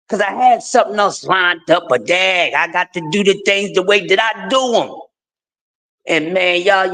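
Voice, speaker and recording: A man hosting a morning show, teasing and ranting at boxing fans in a loud, repetitive way. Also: sits high. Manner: animated, repetitive, trash-talking. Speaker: show host. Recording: long reverb.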